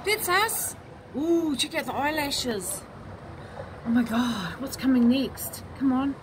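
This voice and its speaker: Aussie lady rambling into her phone on a night street, kinda high voice, lots of street noise. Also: animated, slow. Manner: chatty, rambling, flirty. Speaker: vlogger. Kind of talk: casual street vlog chat. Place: outdoors on a city street at night.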